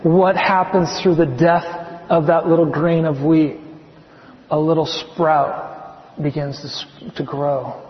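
Male professor, earnest testimony, slightly high voice, muffled hall recording. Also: steady tone. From California. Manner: earnest, confiding, slows and softens on heartfelt points. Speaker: chemistry professor giving a testimony. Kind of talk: personal testimony talk. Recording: echoey hall, muffled sound.

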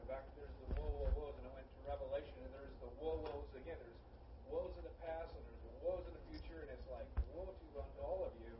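A man's voice: mid-range voice, steady tone, quick pace. A man in a study group thinking aloud in casual discussion, musing as he goes. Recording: distant, roomy, lo-fi and noisy.

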